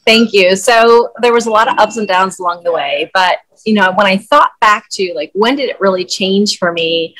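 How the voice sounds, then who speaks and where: A middle-aged woman speaks as a podcast guest, her voice pitched in an ordinary middle range. She tells her personal story in a candid, conversational way, dotted with "like" and "um". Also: a bit bright, poor audio. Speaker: guest, wellness coach.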